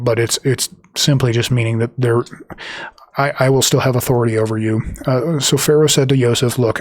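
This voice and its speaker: A man reading scripture aloud and explaining it, talking haltingly with many fillers and restarts, and reading the quoted passages quicker than his own remarks. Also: medium pitch, darkish tone, no room sound. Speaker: Bible teacher.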